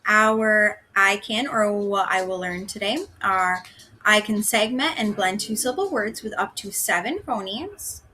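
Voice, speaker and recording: A woman teaching a recorded first grade phonics lesson, slowly sounding out words for young children. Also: medium pitch, pushed and bright.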